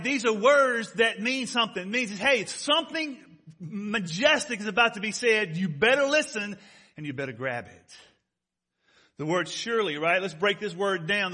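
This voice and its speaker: A male pastor preaching a sermon, emphatic, asking his congregation questions and swinging from loud stressed words to soft, close remarks. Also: sits high. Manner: rises loud on key words, drops soft and intimate.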